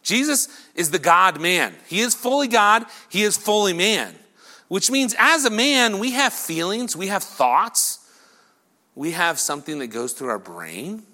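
Lively, bright-voiced male preacher. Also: sits high, unhurried. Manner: animated storytelling, acting out crowd voices and whispers. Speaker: pastor. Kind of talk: sermon.

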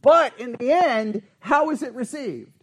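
Male Bible study leader, strikingly high voice, quizzes the class and drums points home by repetition. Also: expressive, measured pace, fairly bright tone, husky. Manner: asks the group questions, repeats phrases for emphasis. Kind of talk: interactive Bible study lesson.

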